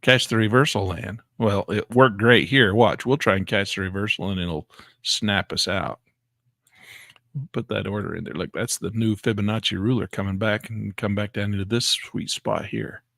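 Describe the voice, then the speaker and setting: A man giving excitable live commentary on his day trades, talking to himself and exclaiming as prices move. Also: on the low side, normal speed, creaky, dry recording, clean studio sound. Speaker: day trading educator.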